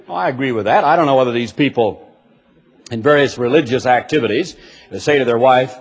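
A man preaching a sermon, reading scripture slowly and telling folksy stories with emphatic delivery. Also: medium pitch, slightly rough.

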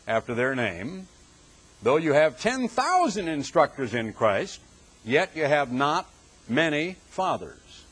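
Guy preaching a sermon, fairly high voice, leans hard on his words and climbs up on questions. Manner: emphatic, rises in pitch on rhetorical questions. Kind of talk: sermon, Bible exposition.

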